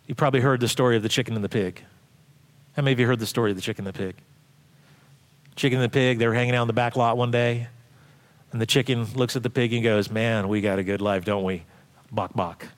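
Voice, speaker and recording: A man preaching a sermon as pastor, lively and joking, with frequent restarts. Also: medium pitch, fast, long pauses.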